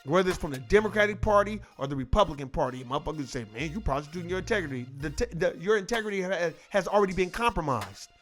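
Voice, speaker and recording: A man's voice: high-pitched, animated, quick pace, few pauses, a bit bright, faint music behind. A man giving casual opinion commentary, emphatic, profane and repetitive. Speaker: online commentator.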